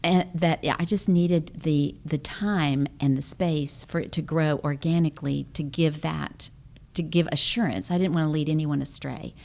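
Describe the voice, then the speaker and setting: Woman, low voice, earnest, reflective, podcast guest. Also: steady tone, normal speed, gravelly, hardly any pauses, darkish tone. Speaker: guest, parenting speaker. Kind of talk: conversational podcast talk.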